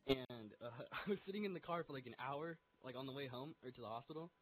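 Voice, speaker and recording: A man's voice: medium pitch, lively intonation, quick pace, poor audio. A man casually telling a story, rambling with lots of fillers and laughing as he goes. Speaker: vlogger.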